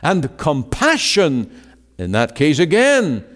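A man's voice: huge pitch swings, slow. Man preaching in a reverberant hall. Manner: emphatic preaching, swinging from loud exclamations to hushed low words; quotes scripture in old-fashioned wording. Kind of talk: sermon. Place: meeting hall.

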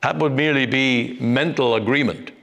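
A man preaching a sermon in a measured, deliberate way, rising to emphatic peaks. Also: mid-range voice, creaky, a bit bright. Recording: long reverb, like a church hall.

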